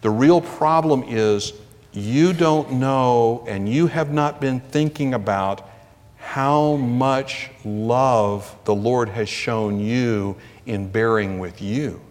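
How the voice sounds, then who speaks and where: A man's voice: medium pitch, slow pace, darkish tone. A man preaching a sermon as a pastor, emphatic, lifting his voice for scripture readings. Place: church sanctuary. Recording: long reverb of a large hall.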